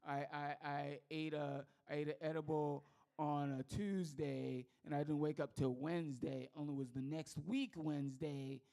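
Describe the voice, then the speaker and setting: High-voiced, profane stand-up comic from Texas. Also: male voice, steady tone, moderate pace, creaky, warm tone. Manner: profane, rambling, self-mocking. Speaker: stand-up comedian. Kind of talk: stand-up set.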